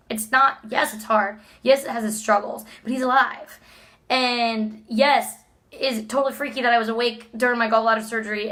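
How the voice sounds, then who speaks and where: A woman in her thirties speaks straight to her viewers in a motivational vlog. Her voice is bright and sits a little high, and her talk is earnest and upbeat, full of "like" and easy laughs. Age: 30s. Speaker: vlogger.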